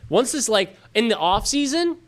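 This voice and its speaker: This man's voice is extremely high, with big pitch swings and a moderate pace. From his home studio he runs a fantasy football livestream, talking loosely with viewers, cursing offhandedly, and yawning as though worn out.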